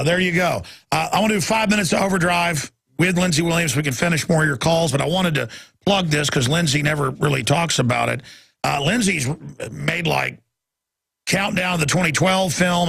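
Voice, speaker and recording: A man hosting a talk radio show, rambling and forceful, full of fillers and restarts. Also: on the high side, a little fast, gravelly, no room sound.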